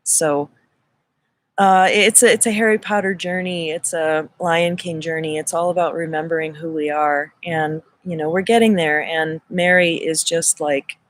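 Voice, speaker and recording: A woman's voice: low-pitched, steady tone, moderate pace. A woman hosting a live stream, talking in a casual spiritual monologue, earnest and effusive, often restarting and repeating her words. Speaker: spiritual reader hosting a livestream.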